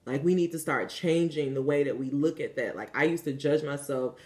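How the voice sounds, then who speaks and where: A woman's voice: sits low, a little fast, darkish tone. A woman giving a casual spiritual card reading, talking candidly and coaching the listener, with frequent fillers and some swearing. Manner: chatty and candid, swears freely, many "like" fillers; coaching, asks the listener if they understand. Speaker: spiritual reader.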